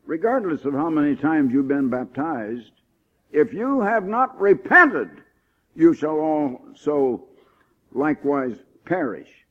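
A man's voice: on the high side, sing-song. Preacher man on a tinny old recording. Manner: emphatic, rising on key points, slows for scripture. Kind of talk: sermon.

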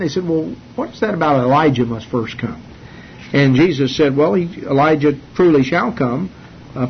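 A man teaching a sermon from the Bible, earnest and halting, with many fillers and restarts. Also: on the high side. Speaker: preacher. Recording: dull lo-fi sermon recording with faint hiss.

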